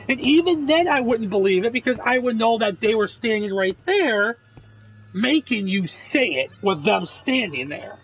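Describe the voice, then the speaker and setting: A man's voice: high voice, big pitch swings, normal speed, fairly bright tone, slight background noise, poor audio. A man casually talking while playing a game, earnest and reassuring, with plenty of swearing. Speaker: gameplay video creator.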